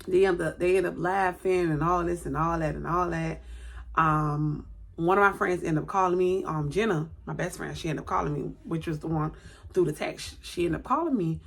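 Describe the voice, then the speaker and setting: A woman with a low, gravelly voice talks straight to her viewers in a loose, rambling way. She keeps stopping to correct herself as she tells a personal story. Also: moderate pace. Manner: chatty, rambling, self-correcting. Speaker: vlogger. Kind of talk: casual storytelling to camera.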